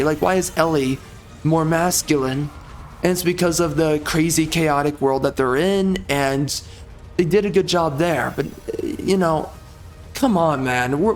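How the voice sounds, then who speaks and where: A man's voice: a little high, slight background noise. A man ranting as he commentates over gameplay, exasperated and heated, repeating himself and swapping in mild stand-ins for curses.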